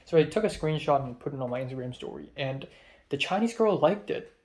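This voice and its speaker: A man's voice: fairly high pitch, lively intonation, fairly quick, a little mellow. A young man and native Cantonese speaker casually telling a rambling story as a vlogger, with frequent ums and restarts. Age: young adult.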